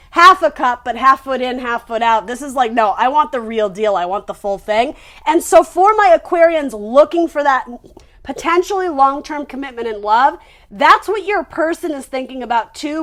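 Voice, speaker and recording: A woman giving a casual tarot reading, chatty and rambling, with lots of fillers and restarts. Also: high voice. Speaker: tarot reader.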